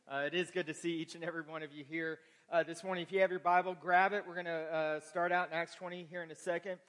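A high, bright male voice preaches from the pulpit, mixing folksy jokes with earnest encouragement. His words ring out in a long, echoing church hall. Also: level tone, fast talker. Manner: folksy, joking asides to the congregation. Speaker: pastor. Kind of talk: sermon with announcements. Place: church sanctuary.

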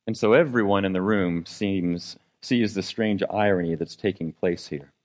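Male pastor, conversational sermon delivery, engages the congregation, rises and drops in pitch. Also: normal speed. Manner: conversational preaching with congregation questions; fillers and restarts, dynamic pitch and volume.

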